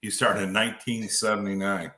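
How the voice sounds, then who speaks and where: Deep-voiced man on a roomy call-in line. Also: level tone, fairly quick, bright, forceful tone. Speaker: guest, county road commissioner. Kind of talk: casual remote interview. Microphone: phone or computer call.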